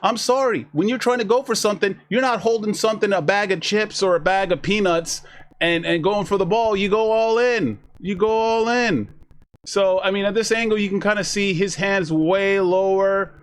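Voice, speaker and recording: A man's voice: high voice, fairly quick. A man talking casually to his chat while reacting to a video, rambling, restarting his sentences and acting out what other people said. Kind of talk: casual live reaction commentary.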